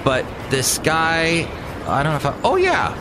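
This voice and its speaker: With background noise behind him, a man with a slightly high, wildly swooping voice speaks a little slowly in a casual comedic monologue for his own podcast. He rambles jokily, jumping from tangent to tangent.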